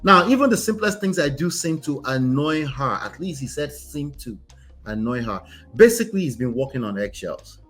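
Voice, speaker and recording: A man's voice: medium pitch, animated, moderate pace, a bit bright. Guy talking relationships, keeps going "right?", emphatic, faint music behind. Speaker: relationship coach host. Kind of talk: casual commentary on a reader's story.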